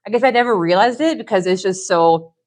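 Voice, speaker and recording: A woman's voice: mid-range voice, fast talker. A woman in her thirties co-hosting a podcast, bubbly and giggly in casual chat. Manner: bubbly and giggly, many "like" fillers.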